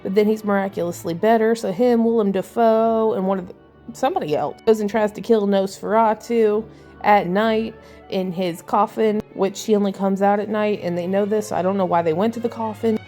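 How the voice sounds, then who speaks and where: A woman's voice: medium pitch, steady tone, brisk, dark tone, soft background music. Irreverent woman recapping a movie. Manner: irreverent, crude, sarcastic storytelling. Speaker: movie reviewer. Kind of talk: casual spoiler recap.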